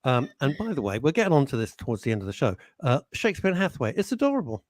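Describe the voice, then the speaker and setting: Joking male radio host, lively pitch. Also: racing, no echo, clean studio sound. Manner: joking, teasing banter. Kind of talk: casual radio chat.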